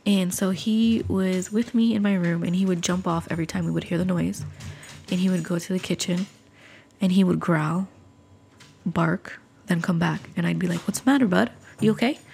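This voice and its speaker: A woman's voice: on the low side, creaky, darkish tone. A woman hosting a podcast, telling a spooky story in a chatty way, full of fillers and asides to the listeners. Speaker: podcast host.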